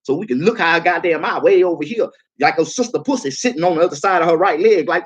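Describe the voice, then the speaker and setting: A livestreaming comedian, a man, giving a profane, heated rant that swings from calm to shouting. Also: a little high, fast, breathy edge, muffled recording.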